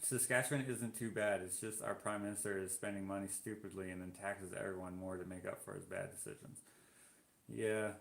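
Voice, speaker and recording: A man's voice: low voice, steady tone, a little fast, gravelly, fairly bright tone. Chatty Canadian man in roomy echo. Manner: chatty, reacting aloud to viewer comments. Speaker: live-stream host. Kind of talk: casual chat reading live comments.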